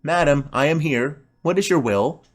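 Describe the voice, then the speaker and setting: A man's voice: on the high side, normal speed, voice pushed up, natural voice. A man voicing a demure young girl. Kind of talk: audiobook play reading.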